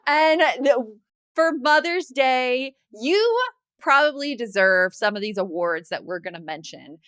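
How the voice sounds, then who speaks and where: Chatty bright-voiced woman podcaster. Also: high voice, a little slow, clean tone, no echo. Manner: chatty storyteller, animated quoting. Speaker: podcast co-host. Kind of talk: casual chat.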